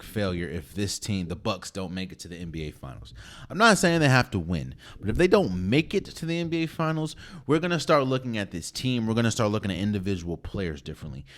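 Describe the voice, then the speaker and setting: A man with a very low voice delivers a casual sports-opinion monologue on a podcast. He is emphatic and sure of himself, and he leans hard on key words as he ranks the teams. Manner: emphatic, ranking teams with conviction. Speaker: podcast host.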